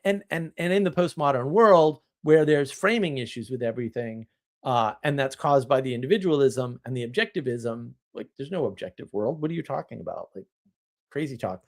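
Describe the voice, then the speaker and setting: A man hosting a live stream, talking casually and answering chat in an animated, opinionated, rambling way with frequent restarts, from a home setup on a desk mic. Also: mid-range voice, moderate pace.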